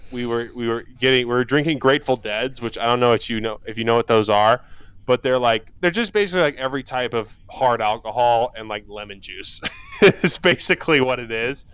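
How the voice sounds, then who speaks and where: A man's voice: mid-range voice, fairly quick, a bit bright, clean tone, no echo. A young man co-hosting a podcast, telling a bar story in a loose, rambling way. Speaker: podcast co-host. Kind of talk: casual chat.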